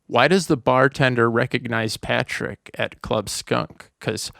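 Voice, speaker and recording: A man's voice: medium pitch, a little slow, vocal fry, few pauses, a bit bright, no echo, studio quality. A man co-hosting a podcast, chatting casually about a movie and rambling with lots of "like" and restarts. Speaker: podcast co-host.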